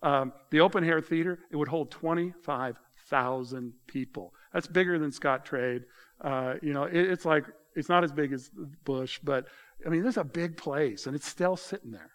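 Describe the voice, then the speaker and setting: A male pastor delivering a sermon in a relaxed, conversational way, talking straight to his congregation. His voice sits a little higher than most men's. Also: normal speed. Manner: conversational, addresses congregation directly.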